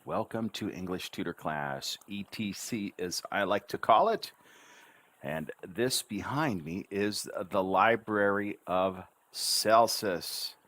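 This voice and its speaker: A man teaching an English lesson on a livestream, chatty and encouraging, drawing out words slowly syllable by syllable. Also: on the low side, fairly bright tone, dry recording. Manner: slow drawn-out syllable drills. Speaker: English tutor.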